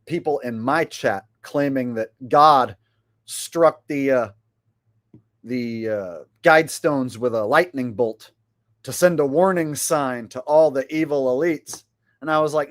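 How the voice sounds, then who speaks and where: A male streamer chatting casually to his viewers in a loose, rambling way. He speaks slowly and keeps stopping to hesitate. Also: medium pitch. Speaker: channel host. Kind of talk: casual livestream commentary.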